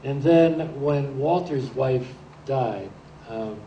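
A photographer in his sixties presents his pictures in a relaxed, rambling, anecdotal talk, halting now and then as he tells his stories. His voice is mid-range. The lo-fi recording has a roomy echo, a distant mic, and faint hiss.

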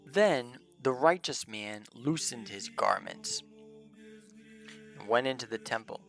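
A man reverently narrating the life of a saint in measured, archaic English. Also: mid-range voice, very animated, a bit bright, faint music behind. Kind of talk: solemn scripted reading of a hagiography.

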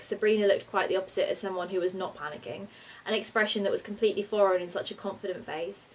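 A woman reading her own storybook aloud in a steady, expressive narration. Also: mid-range voice, fast, poor audio.

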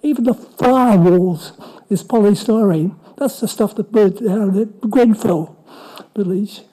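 A man asking a question as a resident at a council meeting, halting and restarting often. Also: high voice, warm tone, rough recording. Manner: halting, with many restarts and fillers. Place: council chamber.

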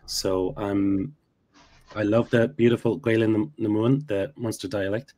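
A man with an Ulster accent talks through a language-learning question in a slightly low voice. His delivery is unhurried and thoughtful, full of small restarts, like a teacher chatting live with viewers. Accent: Ulster Irish. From Mid Ulster, Ireland. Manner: thoughtful, relaxed, with frequent ums and restarts. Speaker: co-host, Irish language teacher. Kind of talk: casual live Q&A chat.

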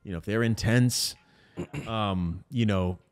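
A man's voice: fairly low pitch, slow pace, smooth. A man in his forties co-hosting a podcast, telling a story in casual chat and acting out the people he quotes. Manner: animated storyteller, acts out quotes. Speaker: podcast co-host.

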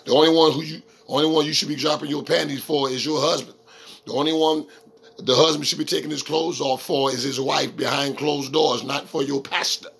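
A man preaching a sermon as a street pastor, emphatic and slowing down to read scripture verses. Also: fairly high pitch, steady tone, creaky, a bit bright, slightly rough.

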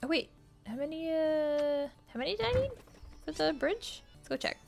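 Bubbly woman gamer, lively high voice. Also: normal speed, creaky, soft background music. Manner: chatty and excitable, gasping and reacting aloud. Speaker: gaming channel host. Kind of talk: casual let's-play commentary.

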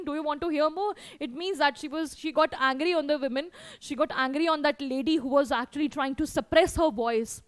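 A woman's voice: high voice, fairly bright tone, dry recording, studio quality. A woman teaching an online class, reading a story aloud and explaining it in simple words. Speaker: English teacher.

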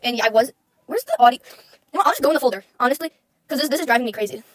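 Fast-chattering high-voiced young woman streamer. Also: animated, dry recording. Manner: rambling, giggly, talks to chat. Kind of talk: casual stream chat.

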